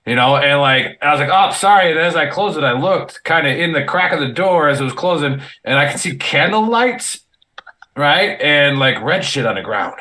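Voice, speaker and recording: A man's voice: fairly high pitch, animated, normal speed, bright, forceful tone. A man, an army veteran, telling war stories in a casual, rambling way, swearing often and restarting sentences with lots of fillers. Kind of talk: casual podcast storytelling.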